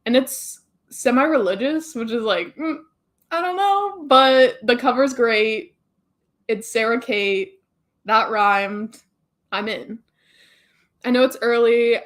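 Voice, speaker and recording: A young woman in a relaxed live-stream chat, chatting freely as she reads out viewer comments and replies to them. Her voice sits a little high. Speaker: booktube host reading live chat.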